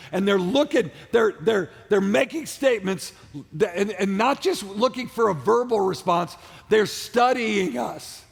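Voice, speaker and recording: A male pastor preaching a sermon emphatically, calling on the congregation to respond and repeating phrases with shouted peaks. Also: sits high, creaky. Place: large church auditorium. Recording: long hall reverb of a church auditorium.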